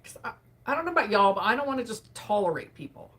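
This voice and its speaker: A woman hosting a live session, speaking in a soft, emotional way with sighs and pauses while tearful. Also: a little high, big pitch swings. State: tearful, grieving. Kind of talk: reflective live talk.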